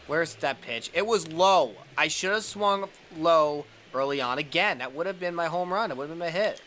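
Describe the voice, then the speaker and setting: A man's voice: normal speed, a little hiss or hum. A young man giving his own running commentary over a baseball video game. He mutters to himself, groans at misses and cheers at hits. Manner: excitable, talks to himself, groans and cheers at each pitch. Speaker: gaming YouTuber.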